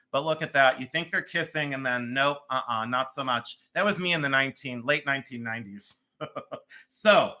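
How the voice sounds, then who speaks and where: A man hosting a live jewelry sale talks in a chatty, theatrical way and pokes fun at himself as he goes. His voice sits a little high and sounds very bright and forceful. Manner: chatty, self-mocking, theatrical. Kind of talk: live-stream jewelry auction.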